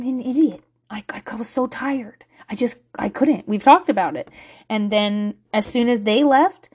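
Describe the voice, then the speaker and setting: A woman, telling a candid, profane parenting story in a vlog monologue. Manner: profane, animated, swings to loud and high when laughing.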